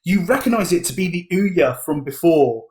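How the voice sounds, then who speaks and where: A British man narrates as game master in a comedic tabletop game. His voice sits a little high, and his delivery rambles playfully with plenty of filler words. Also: expressive, normal speed, darkish tone. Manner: rambling, playful, full of "basically" and "like".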